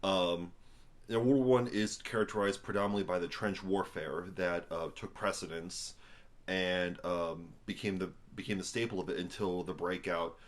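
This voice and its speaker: A man's voice: low voice, fairly even intonation, moderate pace. A young American man, tired after a long day, rambling casually at home into a camera on a tripod, full of fillers and wry asides. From United States. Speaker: vlogger reviewing a book. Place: at home indoors.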